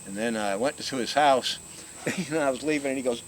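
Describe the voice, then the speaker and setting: A man's voice: mid-range voice, a little fast. Older man, laid-back profane storyteller. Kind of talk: casual storytelling. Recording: noisy outdoor recording with crickets.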